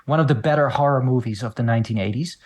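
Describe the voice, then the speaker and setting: A man hosting a casual film podcast, explaining the plot in long, steady runs. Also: medium pitch, very fast. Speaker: podcast host.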